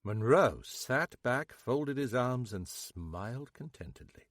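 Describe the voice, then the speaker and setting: Expressive male audiobook narrator. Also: mid-range voice, slow pace, no echo, studio quality. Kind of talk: scripted narration.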